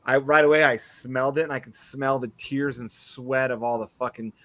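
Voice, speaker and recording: A man's voice: mid-range voice, normal speed, no echo. A man co-hosting a podcast in casual banter, swearing freely and joking sarcastically. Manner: profane, animated, sarcastic. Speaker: podcast co-host.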